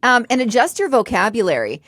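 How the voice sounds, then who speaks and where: Lively, laughing female podcast co-host. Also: on the high side, fairly quick, no echo, studio quality. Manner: animated, laughing storyteller. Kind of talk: casual podcast chat.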